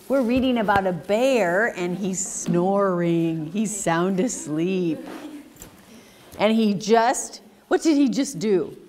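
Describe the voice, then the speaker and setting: Reading a picture book aloud for story time at the community library, a woman speaks at medium pitch and a slow pace. She quizzes the children as she goes, her tone animated and sing-song.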